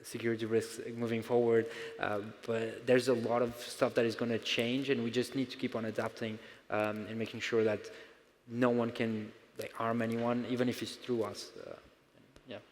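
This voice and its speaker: A man's voice: medium pitch, level tone, moderate pace, slight background noise. A man on a conference panel, speaking hesitantly with many fillers and restarts. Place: conference stage in a large hall. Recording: reverberant hall.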